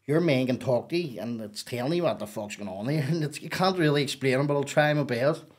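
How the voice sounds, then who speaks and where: A man, a podcast guest telling a story in a casual, animated, profane and rambling way. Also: medium pitch, fairly quick, slightly rough.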